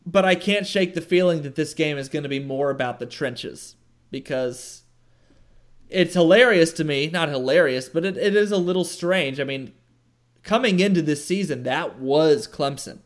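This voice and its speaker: A man's voice: fairly high pitch, normal speed. Man joking and hesitating on a sports podcast. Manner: self-correcting, joking, hesitant. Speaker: podcast co-host. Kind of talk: casual sports podcast chat.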